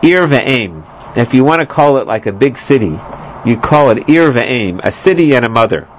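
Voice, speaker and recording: In an animated, mid-range voice at a moderate pace, a man teaches scripture as a Bible teacher. His lecture meanders with many fillers, restarts, and humorous asides, and the recording is dull and lo-fi with slight background noise.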